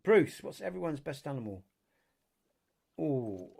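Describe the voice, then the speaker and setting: A man's voice: a little high, very animated, unhurried, creaky, warm tone. A British man talking loosely to his live audience while he plays a hunting game. He rambles and circles back on himself, drops casual swearing, and leans on "you know" constantly. He sounds like an easygoing host of a regular stream. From Britain.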